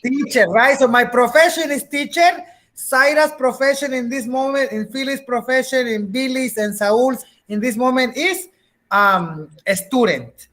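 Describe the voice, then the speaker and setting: Slow, patient woman teaching English. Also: high-pitched, fairly bright tone. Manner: patient, repeats and checks understanding, slips into Spanish. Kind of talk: teaching a beginner English class.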